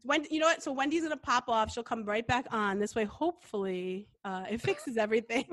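Woman co-host, high voice, chatty and easygoing. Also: lively intonation, brisk, a bit bright, no room sound, clean studio sound. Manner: chatty, laughs often. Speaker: talk show co-host. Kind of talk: casual chat.

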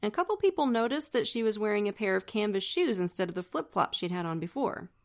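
A woman's voice: mid-range voice, lively intonation, quick pace. A woman co-hosting a true-crime podcast, telling the story in a casual, chatty way with wry asides. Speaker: podcast co-host.

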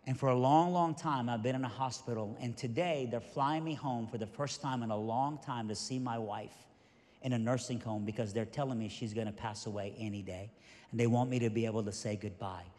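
A man voicing a frail older man in a wheelchair, speaking quietly and tenderly, recorded in a reverberant church hall. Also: mid-range voice, a little fast, close to an everyday voice.

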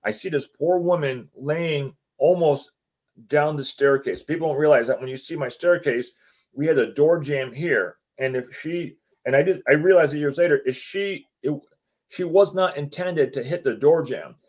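Here a man with a somewhat high voice speaks at a normal pace. He's a homeowner recounting his own story in everyday conversation, lively and doing impressions of others' words.

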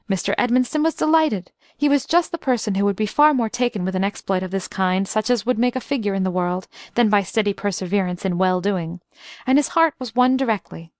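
An audiobook narrator, a woman with a mid-range voice, reads a classic novel aloud in measured, scripted narration. The recording is studio quality with no room sound.

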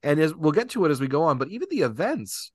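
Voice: mid-range voice, big pitch swings, fast, darkish tone, breathy edge, no room sound. Podcast co-host, casual chat, laughs a lot, trivia, dry sound. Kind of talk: casual movie recap chat.

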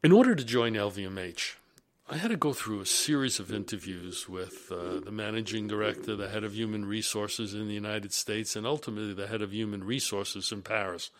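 A man who is a business executive, telling career stories in a deliberate, emphatic and animated monologue. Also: fairly low pitch. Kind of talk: storytelling monologue.

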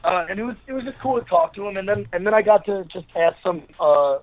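A man's voice: sits high, expressive, quick pace. A man, a podcast guest, telling a long story in a rambling casual way with many fillers and restarts. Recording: narrow phone-like line.

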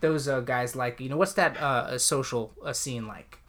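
Animated man ranting about a game. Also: medium pitch, moderate pace. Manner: animated, heated storytelling. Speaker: podcast co-host. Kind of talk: casual storytelling chat.

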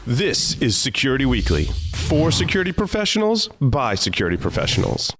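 A man's voice: mid-range voice, wildly swooping pitch, fairly quick, a bit bright, soft background music. A man reading a scripted show intro as the announcer.

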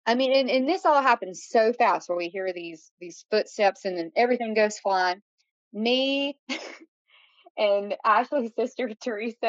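A woman in her late thirties, a podcast guest, recounting a paranormal story in an animated way, acting out quotes and using many fillers. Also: mid-range voice, no echo. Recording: dull, dry lo-fi audio.

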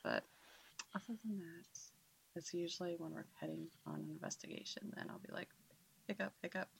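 A woman paranormal investigator telling stories in a casual chat, animated and laughing often, with the hiccups. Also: sits low, brisk, creaky, a little hiss or hum. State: has the hiccups.

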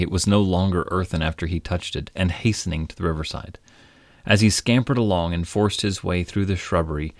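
Deep-voiced male storyteller. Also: dry recording, studio quality. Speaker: narrator. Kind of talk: storybook narration.

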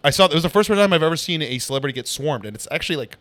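A comedian guest telling animated stories in a casual podcast chat, with frequent swearing. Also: male voice, a little high, rapid-fire, dry recording. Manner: animated storyteller, swears a lot.

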